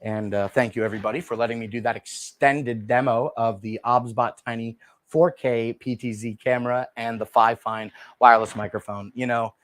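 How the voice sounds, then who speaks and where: A man hosting a live shopping stream, chatting casually and softly to viewers while demoing gear on a lapel mic. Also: medium pitch, moderate pace, dry recording. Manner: chatty, rambling, talks straight to viewers; speaking softly and relaxed instead of his usual loud delivery. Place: indoor room, moving around on camera. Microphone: wireless lapel mic.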